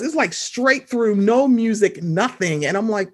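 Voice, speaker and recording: Animated husky-voiced woman. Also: medium pitch. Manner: animated, fast storytelling, quoting people in voices. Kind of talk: casual chat.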